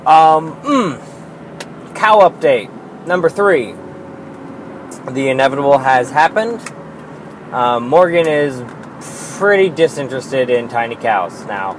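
A man talks through a solo podcast in an unhurried, drawn-out way, rambling and poking fun at himself, with plenty of filler words. His voice sits at an ordinary pitch. A steady hiss of background noise runs under the recording. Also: poor audio. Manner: rambling, self-deprecating, with frequent fillers and swearing; slow and drawn-out. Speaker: podcast host. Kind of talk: casual solo podcast monologue.

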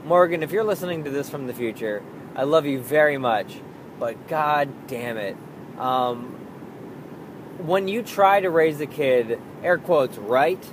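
A young father speaks frankly about raising his daughter, slipping easily into swearing. His voice sits slightly high for a man and he takes his time with each thought. A faint steady hum runs underneath the recording. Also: unhurried. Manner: candid, swears freely, acts out his own outbursts. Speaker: parent talking about raising a child. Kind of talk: casual monologue.

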